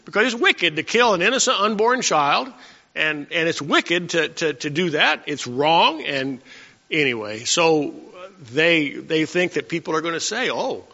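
A man's voice: on the high side, lively intonation, measured pace, vocal fry, bright, forceful tone. A man preaching a sermon as pastor, in a folksy way with chuckling asides and many restarts. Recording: dull recording in a reverberant hall.

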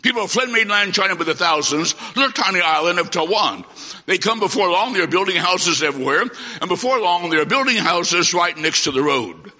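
A high-pitched male preacher with a very bright, forceful voice delivers a fiery sermon. He swings between shouted declarations and quiet asides. The recording is dull and lo-fi, with a long reverb from a large hall. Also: expressive, brisk. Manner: emphatic, swings from loud to hushed.

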